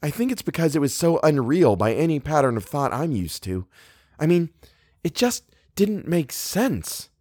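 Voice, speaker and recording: A man's voice: fairly high pitch, sing-song, normal speed, a little mellow, breathy edge, no echo, studio quality, voice pushed up. Man voicing Eleanor, a dreamy young woman. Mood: uncertain.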